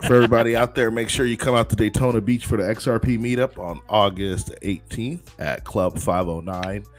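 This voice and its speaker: A man's voice: lowish voice, fairly even intonation, fairly quick, soft background music. A man co-hosting a casual crypto stream, talking in a laid-back, rambling way with lots of fillers. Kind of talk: casual group chat.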